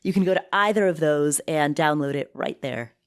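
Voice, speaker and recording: A woman hosting a podcast in casual, upbeat chat, emphatic and quick to laugh. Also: sits low. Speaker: podcast host.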